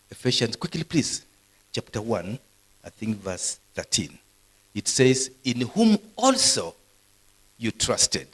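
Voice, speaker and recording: Husky-voiced preacher, animated. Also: male voice, lowish voice, rough recording. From Kenya. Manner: animated preaching, acts out stammers, swings loud and soft. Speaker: pastor. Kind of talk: sermon. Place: university hall, live service.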